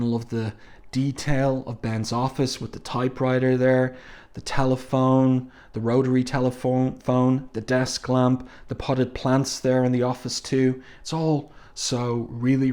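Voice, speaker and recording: Halting man reviewing a comic. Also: medium pitch, darkish tone. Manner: halting, with many ums and slow admiring asides. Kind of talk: casual comic review read-through.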